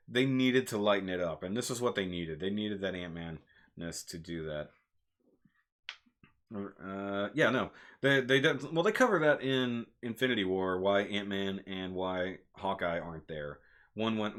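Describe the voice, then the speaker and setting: A man hosting a casual live stream, chatting about movies in an animated, rambling way. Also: deep voice. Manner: animated, rambling, laughs at himself. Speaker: movie reviewer, channel host.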